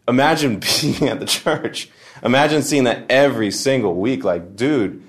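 A man's voice: mid-range voice, moderate pace. A man speaking casually to a live audience at a forum, storytelling with humor and frequent restarts. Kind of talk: conversational talk to a live audience. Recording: roomy echo.

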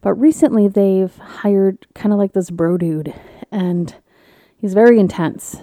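Animated swearing woman, chatty co-host. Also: mid-range voice, a little slow, dry recording, clean studio sound. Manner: swearing, laughing, animated storytelling with voices. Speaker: podcast co-host. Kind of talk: casual chat.

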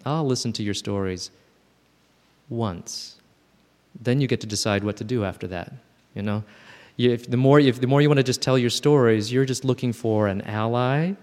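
A man's voice: mid-range voice, a little fast, few pauses, a little mellow. A man in his fifties giving a thoughtful, self-reflective personal talk at a gathering, often restarting his sentences. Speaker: speaker at a gathering. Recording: long hall reverb.

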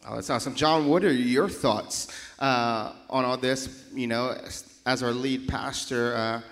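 A man's voice: mid-range voice, fairly even intonation, measured pace, a bit bright. A man hosting a casual church discussion, friendly and chatty, asking questions with frequent restarts. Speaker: host.

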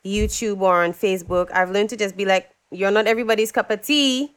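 A young woman tells stories from her life in a relaxed interview. Her voice is smooth and clear, and she gets animated as she acts out what other people said. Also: mid-range voice, a little fast. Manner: animated storyteller, acts out quotes, laughs often. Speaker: guest, singer. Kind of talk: casual interview chat.

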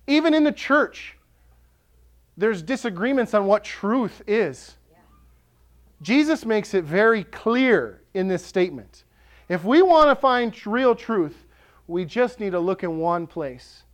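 A male pastor delivers a sermon in a notably high voice. He preaches with passion, building to emphatic declarations. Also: lively intonation, unhurried. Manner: impassioned, rising to emphatic declarations.

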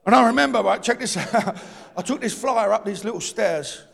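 London man preaching, very high gravelly voice, bursts into shouts then drops low, long hall echo. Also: moderate pace. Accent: London English. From East London, England. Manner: impassioned, swings from shouting to low confiding talk; down-to-earth street slang. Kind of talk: sermon. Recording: long reverb of a large hall.

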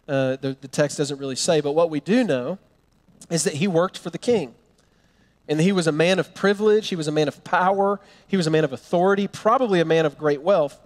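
A man preaching a sermon, telling a Bible story with animated storytelling and acting out the characters' lines. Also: a little high, in a large hall. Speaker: pastor.

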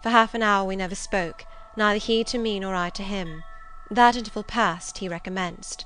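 A woman narrating a classic novel as an audiobook reader, with measured, expressive storytelling. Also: mid-range voice, faint music behind, poor audio. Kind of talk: scripted literary narration.

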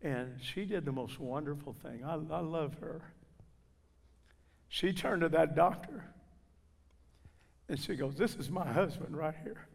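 A man's voice: a little high, a little slow, vocal fry, long pauses, slightly rough. A man preaching in a church, telling a personal testimony and acting out the people he quotes. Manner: storytelling, acting out quoted voices. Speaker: guest preacher. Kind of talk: sermon testimony. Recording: reverberant church hall.

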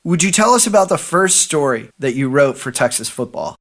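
A man interviewing a guest, prompting him with calm questions. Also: fairly high pitch, a little fast, gravelly.

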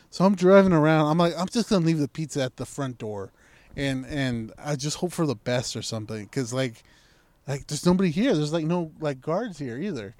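A man's voice: on the high side, fairly quick, a little mellow, no room sound. Man, casual storyteller, acts out his own lines, swears a lot, close and dry. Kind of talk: casual chat.

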